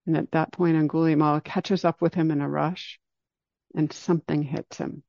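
A man giving a dharma talk, telling a story in a calm, unhurried way and slowing down for emphasis. It is a dull lo-fi recording. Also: on the high side, vocal fry, no room sound. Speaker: meditation teacher.

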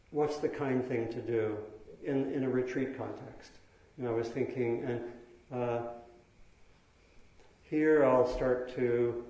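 A man teaching meditation in a dharma talk, speaking slowly and thoughtfully with pauses and fillers. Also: mid-range voice, warm tone. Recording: very echoey hall.

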